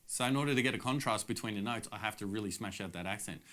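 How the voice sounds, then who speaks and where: A man's voice: lowish voice, fast talker, loud music behind the voice. A middle-aged man giving a casual, upbeat drum lesson straight to camera, explaining the steps plainly. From Australia. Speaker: drum teacher.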